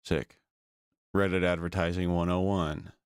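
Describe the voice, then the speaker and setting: A man with a very low voice riffs sarcastically while watching videos on stream, swearing freely and mocking what he sees. The sound is dry and close, with almost no room in it. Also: flat delivery, measured pace, clean tone, no echo. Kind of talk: casual profane reaction commentary.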